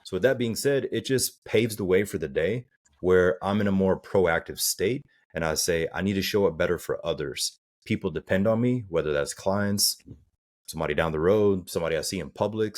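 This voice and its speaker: Very deep-voiced man, earnest coach. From American South. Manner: earnest, acts out quoted people for effect. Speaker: guest, life coach. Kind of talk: casual interview talk.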